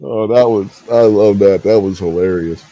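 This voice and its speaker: Guy with a low mellow voice rambling about wrestling, laughs a lot, dry mic. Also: moderate pace, no room sound, rough recording. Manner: rambling, laughs easily, restarts sentences. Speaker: podcast co-host. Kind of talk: casual wrestling chat.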